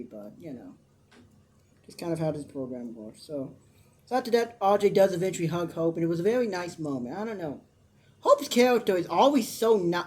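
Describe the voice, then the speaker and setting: A woman in her twenties giving a blunt, opinionated, rambling review of a soap opera episode in casual chat. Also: fairly low pitch. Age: 20s.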